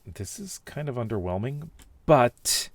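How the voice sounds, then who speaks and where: A man's voice: mid-range voice, lively intonation, a little slow, no room sound. A man casually reading out and reacting to viewer comments, rambling with many fillers and restarts. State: has the hiccups.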